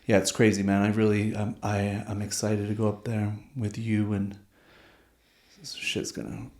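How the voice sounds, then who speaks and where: A podcast host with a lowish, slightly mellow voice tells stories at normal speed in a completely flat delivery. His chat is casual and slangy, full of swearing and "dude," and the recording has a roomy echo.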